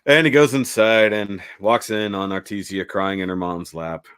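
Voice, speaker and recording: A man co-hosting a casual review chat, animated and jokey and quick to swear. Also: fairly low pitch, clean tone, no echo. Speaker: co-host.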